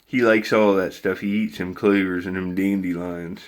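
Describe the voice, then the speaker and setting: A man's voice: low voice, level tone, normal speed. A man, vlogging casually and talking baby talk to his pet squirrel. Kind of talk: casual vlog chat.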